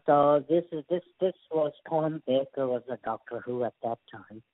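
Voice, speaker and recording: Older Indian-accented actor, rambling storyteller who stammers through restarts; dry, tinny phone-line sound. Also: male voice, fairly high pitch, normal speed, dry recording. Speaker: guest actor. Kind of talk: casual interview storytelling.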